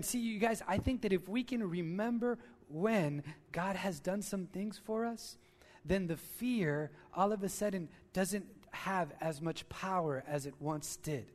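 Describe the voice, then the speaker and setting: A man preaching a sermon as a pastor in a church, telling stories in an animated way and acting out the voices. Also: high-pitched, a little slow, long reverb tail. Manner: animated storytelling, acts out screams and quotes. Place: church sanctuary.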